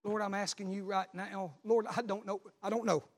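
Pastor preaching with a high voice. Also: male voice, little pitch movement, moderate pace. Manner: storytelling preacher, builds to shouted repetitions. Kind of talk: sermon.

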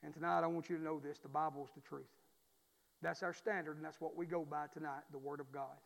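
A man's voice: a little high, fairly even intonation, quick pace, creaky. A male pastor preaching a sermon in a folksy, emphatic way, repeating phrases to drive points home, in a church. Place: church sanctuary. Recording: long reverb of a church hall.

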